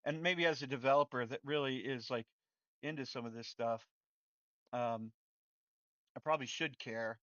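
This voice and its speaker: A man streaming his programming work, talking casually and rambling, often cutting himself off and getting loud and worked up when he rants. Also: mid-range voice, moderate pace, pauses often, dry recording, highs cut off. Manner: rambling and self-interrupting, turns loud and excited when ranting. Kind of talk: casual livestream chat while coding.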